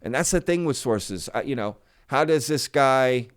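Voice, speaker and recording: A man's voice: mid-range voice, animated, moderate pace, smooth. A man hosting his own channel, talking casually to viewers in an emphatic, skeptical way and often repeating himself. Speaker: channel host.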